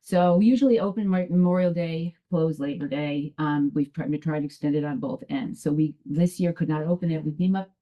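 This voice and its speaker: A woman's voice: low voice, brisk, hardly any pauses, warm tone. A woman addressing a town commission as a resident, telling her story in a hesitant, rambling way with many restarts. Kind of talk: public testimony at a town meeting. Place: town meeting room. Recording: dull lo-fi public access broadcast.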